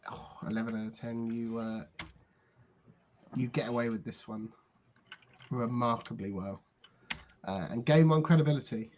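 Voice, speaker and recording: A man running a tabletop role-playing game as game master, calling rolls in a relaxed way. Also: mid-range voice, normal speed, pauses often, highs cut off, a little hiss or hum. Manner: calls rolls, plays side characters, relaxed.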